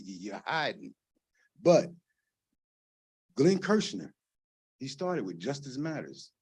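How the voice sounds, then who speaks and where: A middle-aged man speaking at a council meeting's public comment, impassioned and rambling, swinging from quiet to loud at a podium microphone. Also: fairly high pitch, slightly rough.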